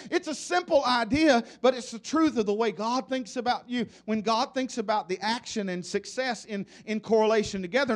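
A man preaching a sermon in church, leading the congregation in repeated call-and-response refrains. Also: very high-pitched.

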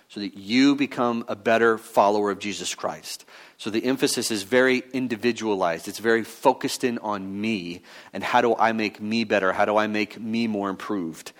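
A man preaching a sermon in a conversational teaching style, pausing with fillers and restarts as he works through his points. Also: medium pitch. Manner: mock-voices other views in quoted asides. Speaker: pastor.

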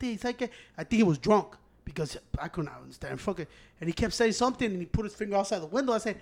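A man, co-hosting a podcast, telling profane heated stories that break into loud shouts. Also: sits high, very fast. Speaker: podcast co-host. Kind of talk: casual chat, storytelling.

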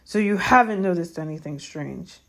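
Woman voicing a loud gruff giant gamekeeper. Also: on the low side, lively intonation, moderate pace. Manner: blustery, loud, grumbling. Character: gruff big-hearted giant gamekeeper, man.

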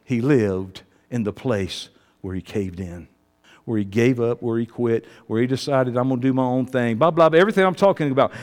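A male pastor preaching an impassioned sermon, swinging from hushed, low testimony to loud shouting. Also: moderate pace.

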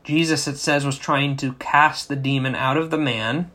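A man's voice: mid-range voice, steady tone, normal speed, bright, forceful tone. A man preaching a sermon, explaining a scripture passage and asking rhetorical questions. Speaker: pastor.

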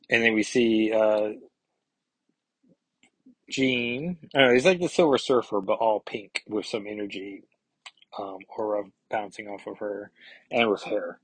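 A man's voice: on the low side, husky, dry recording, low-quality recording. A man hosting a podcast, chatting casually and hesitantly, with many fillers and restarts. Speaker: comics podcast host.

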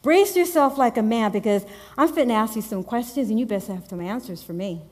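A woman's voice: on the high side, brisk, lightly acted. A woman preacher voicing God as a stern, demanding male figure who fires off challenging questions. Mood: sassy.

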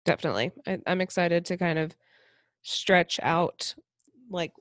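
A woman's voice: fairly low pitch, a little slow, no echo, studio quality. A young woman co-hosting a podcast, chatting casually and supportively. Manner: supportive, frequent agreeing murmurs. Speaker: podcast co-host. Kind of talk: casual chat.

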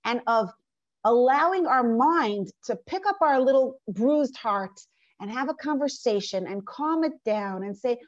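A woman's voice: a little high, lively intonation, a little slow, no room sound, dull audio. A woman teaching a class from a workbook, earnest and conversational, with lots of rhetorical questions. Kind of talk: lecture from a workbook.

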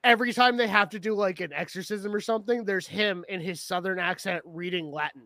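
A man co-hosting a podcast in casual chat, animated, swearing and laughing often. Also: sits high, a little fast, no room sound. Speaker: podcast co-host.

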